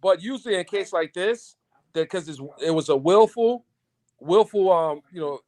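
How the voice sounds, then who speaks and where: High-voiced man calling into a live show. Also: moderate pace, a little mellow. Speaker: caller guest. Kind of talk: casual call-in chat.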